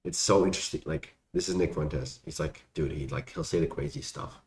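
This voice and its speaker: His voice is extremely low and fairly quick as this young man casually responds to viewer questions. He rambles, uses slang and fills his speech with fillers; an echoey room and faint background noise come through on the recording.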